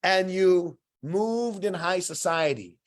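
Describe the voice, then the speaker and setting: A man teaching a weekly Torah lesson. His voice sits fairly high for a man. He talks in an animated, conversational way and tells his points as stories. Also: slow pace.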